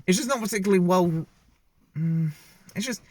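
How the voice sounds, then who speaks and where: A man's voice: high-pitched, normal speed, no room sound. A man giving a casual, rambling movie review with many fillers and restarts. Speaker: film reviewer.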